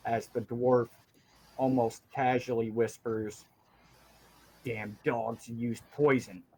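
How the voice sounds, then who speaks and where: A man running a tabletop game, describing scenes in an easy, unhurried way. His voice sits at an ordinary middle pitch. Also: low-quality recording. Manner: relaxed, descriptive narration. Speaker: game master.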